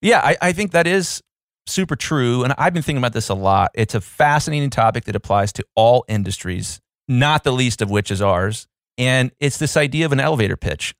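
A man's voice: mid-range voice, lively intonation, a little fast, dry recording, studio quality. A man co-hosting a podcast in casual chat, playful and fond of slipping into silly voices. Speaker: podcast co-host.

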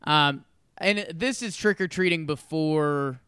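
Guy chatting on a podcast, kinda high clean voice, dry sound, does little voices. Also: takes it slowly, clear, resonant tone, no echo. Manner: animated, acts out quoted voices. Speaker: co-host. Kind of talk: casual chat.

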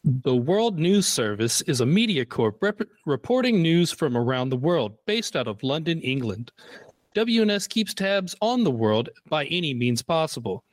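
A man's voice: fairly high pitch, sing-song, normal speed, no echo. A man doing a mock news anchor voice, reading in a polished, formal broadcast style. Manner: polished transatlantic-style delivery. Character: adult male news anchor, formal and measured.

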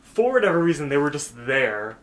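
A man's voice: on the high side, sing-song, a little fast. A young man co-hosting a podcast, casually recapping a cartoon episode and telling stories with lots of fillers. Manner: rambling storytelling with many fillers, acts out the characters' lines. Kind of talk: casual chat.

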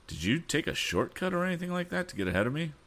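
A man voicing an eager grown-up racing driver, chatty and full of admiration, speaking a little higher than a deep reading voice. His lines come quick and animated, rising and falling widely as he praises the car. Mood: admiring. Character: adult male racing driver, friendly, eager.

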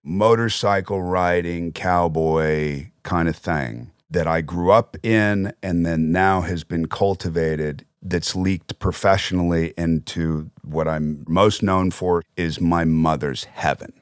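A man's voice: deep voice, slow pace, hardly any pauses, clean tone, dry recording, studio quality. A middle-aged man, an actor guest on a podcast, telling vivid anecdotes with casual swearing. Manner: vivid anecdotes, swearing, acting out quoted voices. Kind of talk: casual storytelling interview.

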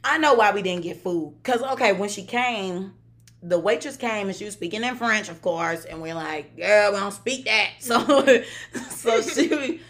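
An American woman co-hosts a casual podcast, telling a story with animated energy. She laughs often and slips into the voices of the people she quotes. Her voice sits at an ordinary middle pitch for a woman. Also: unhurried. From United States. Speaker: podcast co-host.

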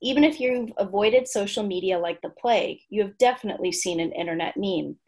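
Woman co-host, husky, reads a script playfully with joking asides. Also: mid-range voice. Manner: playful, wry asides while reading. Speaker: podcast co-host. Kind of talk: reading a written entry aloud, casual chat.

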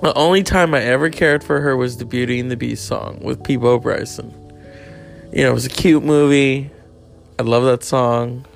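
A man's voice: medium pitch, moderate pace, creaky, faint music behind. A man rambling through a casual, profane monologue, laughing and reading bits aloud from web pages as he goes.

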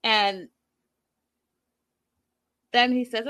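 Woman vlogger, casual recap, gossipy, bright, slightly high voice. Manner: animated, gossipy, speeding up and slowing down. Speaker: vlogger recapping a reality show. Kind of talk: casual chat.

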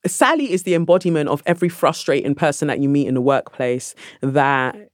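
A woman guest on a podcast, telling stories in a lively conversational way and acting out the people in them. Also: deep voice, brisk, dry recording, studio quality. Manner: animated, acts out voices in her anecdotes. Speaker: podcast guest, actress and author.

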